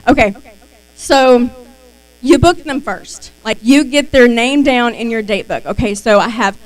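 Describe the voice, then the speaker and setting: Upbeat younger woman with a slightly high voice, live streaming sales advice and playing out customer chats. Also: measured pace, poor audio. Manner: lively, acts out customer dialogues. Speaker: beauty sales consultant.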